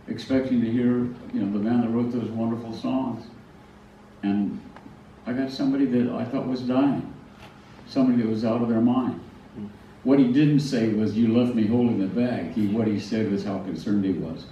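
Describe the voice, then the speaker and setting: A man's voice: mid-range voice, mellow, a little hiss or hum. An older man telling personal stories to a live audience, self-deprecating, with frequent stammering restarts. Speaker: speaker at a museum talk. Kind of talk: storytelling talk to an audience. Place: large hall. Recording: far-off echoey hall, dull sound.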